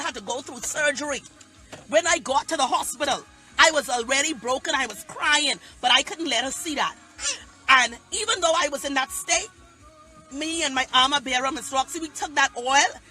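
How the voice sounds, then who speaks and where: High bright-voiced pastor preaching. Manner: emphatic, repetitive, dialect-heavy preaching. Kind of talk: impassioned preaching on a phone livestream. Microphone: phone livestream.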